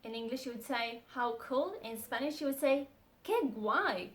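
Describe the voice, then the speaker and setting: A young adult woman teaching a language lesson, saying model phrases slowly and repeating them. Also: a little high, fairly even intonation.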